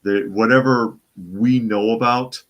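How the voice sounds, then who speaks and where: A man's voice: mid-range voice, steady tone, unhurried, fairly bright tone, lo-fi sound. A man from the Boston area hosting a live talk show, reading viewer comments and answering in a conversational way, often restarting and repeating phrases. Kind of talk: casual opinion talk.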